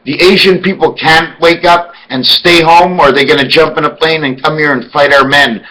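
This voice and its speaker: A man's voice: a little high, steady tone, normal speed, few pauses, bright, forceful tone, low-quality recording. A man delivering an emphatic, rambling monologue full of rhetorical questions. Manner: spells words out letter by letter. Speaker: video blogger.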